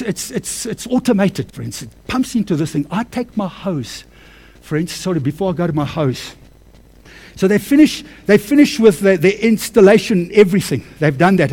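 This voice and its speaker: A man preaching a sermon with personal testimony, calling listeners friends and child of God, moving from quiet storytelling to fervent shouting. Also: a little high. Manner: swings from hushed to shouting with passion.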